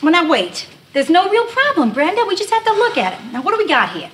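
A woman's voice: very high-pitched, huge pitch swings, a bit bright, a little hiss or hum, full character voice. An actress playing a nervous, wisecracking young married woman in a 1970s sitcom, talking herself in and out of worry. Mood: rattled. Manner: nervous, quick-witted, self-mocking. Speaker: title character, wife. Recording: TV studio with audience laughter.

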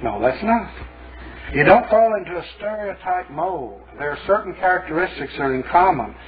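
A man's voice: sits high, expressive, normal speed, crowd noise. A male pastor preaching a sermon in a folksy, colloquial storytelling manner. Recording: lo-fi phone-like sermon tape.

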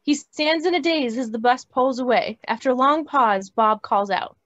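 A woman reading stage directions at a script table read, in a plain, steady way, over a video call. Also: sits high, moderate pace. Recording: dry, muffled lo-fi audio.

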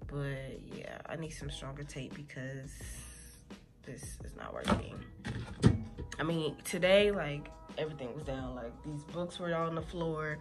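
A woman's voice: deep voice, sing-song, unhurried, over loud music. A young woman, rambling in a laid-back way as she vlogs from her classroom. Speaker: vlogger and teacher. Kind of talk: casual chat.

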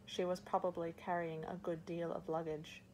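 A woman's voice: fairly low pitch, level tone, normal speed, a little mellow, a little hiss or hum, lightly acted, low-quality recording. A woman reading the part of a desperate young prince, urgent and pleading, in an audiobook.

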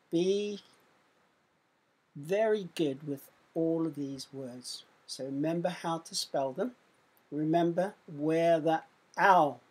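A primary school teacher talks slowly through a recorded online lesson, carefully going over spellings before moving to the next task. The voice is husky and unhurried. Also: mid-range voice, a little mellow. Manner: slow, careful instructions.

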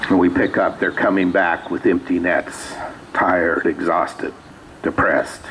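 Low-voiced man preaching casually. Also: steady tone, takes it slowly, a bit bright, slight background noise, poor audio. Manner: conversational, reads scripture aloud with asides. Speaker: pastor. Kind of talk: sermon. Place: small church sanctuary.

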